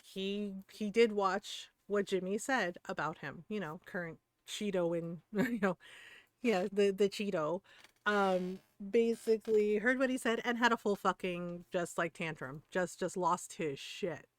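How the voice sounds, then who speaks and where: A woman's voice: mid-range voice, a little slow, dry recording. A woman streamer from the United States in a heated, profane rant, laughing between points. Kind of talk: casual ranting chat.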